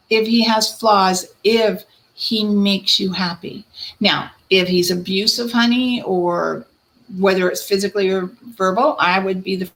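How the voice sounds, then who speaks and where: Gentle psychic woman reading cards live. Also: mid-range voice, rough recording. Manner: gentle, reassuring, addresses viewers by name. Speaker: psychic medium host. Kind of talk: live-stream card reading.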